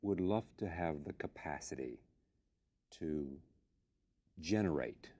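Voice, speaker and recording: A man's voice: extremely low pitch, lively intonation, slow pace, warm tone. A man hosting a talk show interview, leading with questions and chuckling often.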